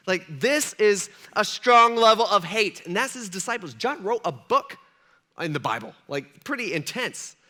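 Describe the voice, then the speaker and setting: High bright-voiced pastor telling stories. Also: male voice, normal speed. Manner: animated storytelling, casual. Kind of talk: conversational sermon. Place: church sanctuary.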